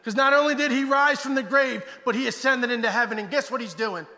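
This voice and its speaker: A man preaching a passionate guest sermon, swinging between loud exclamations and hushed, intense passages. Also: extremely high pitch, fast, big-room sound.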